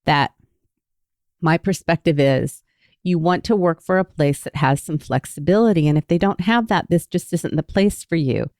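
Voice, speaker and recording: A woman's voice: deep voice, moderate pace, a little mellow, no room sound, clean studio sound. A woman in her sixties, a coach and former therapist, candidly telling a personal story and reflecting on her feelings in a podcast conversation. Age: 60s. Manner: candid, self-reflective, talks through feelings openly.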